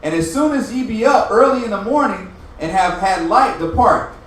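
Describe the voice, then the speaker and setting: High-voiced man reading scripture from afar. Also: animated, a bit bright, slight background noise. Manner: measured, formal reading with occasional stumbles. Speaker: scripture reader. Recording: distant, very echoey room.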